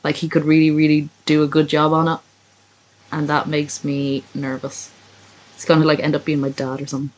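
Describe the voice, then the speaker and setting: A woman's voice: low voice, monotone, a little fast, background noise. A woman reading a fan story aloud on a livestream, breaking off for profane, sarcastic chat with her viewers. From not from America.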